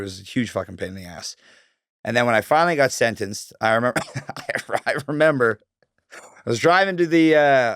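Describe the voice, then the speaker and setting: A man's voice: lowish voice, a bit bright, clear, resonant tone, dry recording, clean studio sound. A man from Canada in his thirties, talking casually as a guest, swearing often and filling his speech with likes and ums. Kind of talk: casual storytelling interview.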